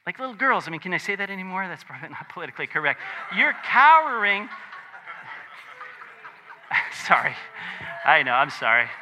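Bright, high-voiced pastor man. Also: fast talker, slight background noise. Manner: animated, chatty, with joking asides. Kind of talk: conversational sermon.

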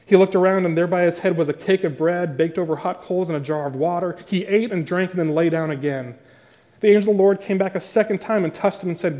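High-voiced preacher delivering a sermon. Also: male voice, fast talker, mellow. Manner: emphatic, building intensity. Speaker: pastor. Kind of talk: sermon with scripture reading.

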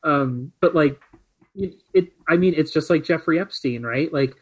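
A man's voice: on the high side, moderate pace, husky, low-quality recording. A man co-hosting a casual podcast chat, rambling with many filler words. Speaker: podcast co-host.

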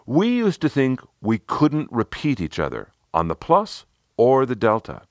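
A man's voice: medium pitch, wildly swooping pitch, measured pace, no room sound, studio quality, voice pushed up. A man voicing a talkative male teammate who chimes in with a thoughtful point. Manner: thoughtful, chiming in.

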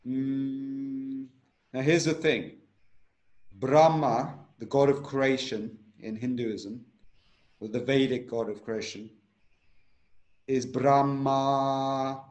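A man's voice: mid-range voice, a little slow, pauses often, darkish tone, reverberant. A man teaching a breathing technique in an interview, instructive and repetitive, often checking in with "right?".

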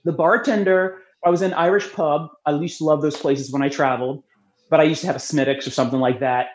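A woman's voice: sits low, fast. Talkative woman in a roomy recording. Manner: lively, talkative, laughs often. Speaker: podcast guest, beer promoter. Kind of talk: casual storytelling interview. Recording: roomy, slightly muffled.

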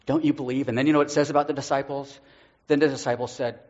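An earnest male pastor tells a personal story from the pulpit, stumbling over his words now and then and laughing at himself. His voice sits at an ordinary pitch. The recording sounds dull and lo-fi. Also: animated, fairly quick. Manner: earnest, self-deprecating, with stammered restarts and laughs. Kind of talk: personal testimony in a sermon.

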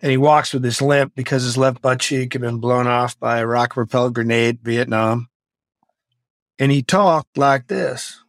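Middle-aged male guest: energetic motivational storyteller with a gravelly voice, dry recording. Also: medium pitch, moderate pace, dry recording. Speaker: guest, author and former Navy SEAL. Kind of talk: podcast interview storytelling.

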